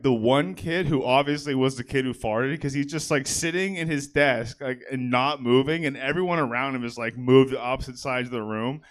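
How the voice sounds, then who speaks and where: A young man performing a stand-up set on a comedy theater stage. He chats with the crowd and talks with lots of fillers and a self-deprecating manner. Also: on the high side.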